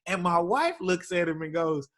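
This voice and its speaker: A man's voice: sits high, normal speed. A man from East Texas in his thirties, a podcast guest telling stories in casual conversation and acting out the voices he quotes. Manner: animated storyteller, acts out quotes.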